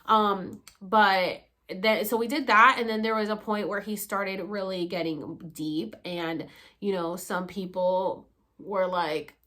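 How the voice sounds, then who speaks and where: Young woman vlogger at mid pitch, chatty and candid, swears freely. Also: slow pace. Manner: animated, swears freely, fillers like "like". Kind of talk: casual storytelling to camera.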